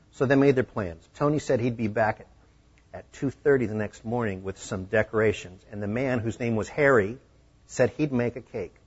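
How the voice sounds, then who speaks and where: Husky man preaching a story. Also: mid-range voice, moderate pace. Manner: animated, acting out the scenes. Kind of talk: storytelling sermon. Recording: dull lo-fi recording.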